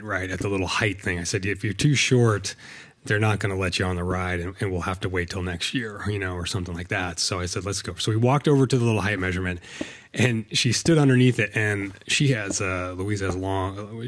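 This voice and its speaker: Gaming host, middle-aged man, lower register, loose meandering delivery full of fillers. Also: a bit bright. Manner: rambling, lots of fillers and restarts. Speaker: Minecraft let's play host. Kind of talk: casual storytelling while gaming.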